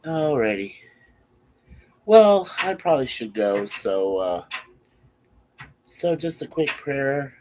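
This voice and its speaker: A man's voice: mid-range voice, sing-song, takes it slowly, pauses often, darkish tone, slight background noise. A man who is sick, coughing now and then, chatting casually and in an easygoing, rambling way to his stream viewers from his webcam.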